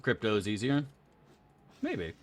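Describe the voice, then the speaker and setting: A man's voice: lowish voice, wildly swooping pitch, unhurried. A man streaming a video game, chatting casually in a rambling, joking, profane way into a desk microphone. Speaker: gaming streamer. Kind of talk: casual gameplay chat.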